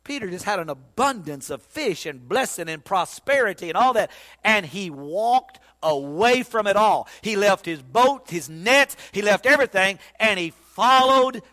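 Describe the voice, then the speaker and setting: A man preaching a sermon, telling the story in an animated, folksy way with sudden loud bursts. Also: high-pitched, moderate pace. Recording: long hall reverb.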